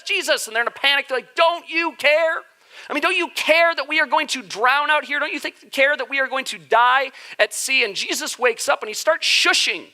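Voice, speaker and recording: A man's voice: on the high side, sharp tone. A man preaching a casual sermon as the church's pastor, joking and conversational. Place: church sanctuary.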